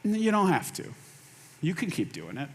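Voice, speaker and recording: A man's voice: high-pitched, huge pitch swings, moderate pace, slightly rough. A man pastor giving a conversational sermon, acting out quoted lines and repeating phrases for emphasis.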